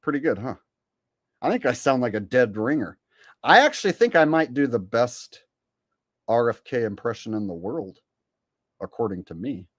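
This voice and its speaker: A man's voice: mid-range voice, big pitch swings, normal speed, pauses often, dry recording, studio quality. A man hosting a live stream, joking and boasting as he reads out viewer chat. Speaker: streamer host.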